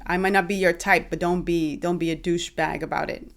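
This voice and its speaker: Chatty Bahamian woman vlogger, lowish voice. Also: steady tone, brisk, gravelly. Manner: chatty, emphatic, many fillers and restarts. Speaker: vlogger host. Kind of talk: casual opinion vlog.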